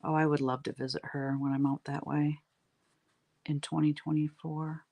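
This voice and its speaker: A woman's voice: low voice, level tone, moderate pace, creaky, darkish tone. Middle-aged lady chatting w viewers while painting, rambly, laughs easy. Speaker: livestream craft host.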